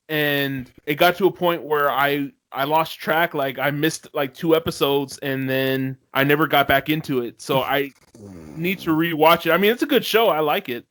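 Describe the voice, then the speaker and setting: A man's voice: a little high, a bit bright. A man hosting a casual podcast chat, loose and profane, laughing easily. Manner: loose and swearing, quick laughs. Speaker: podcast host.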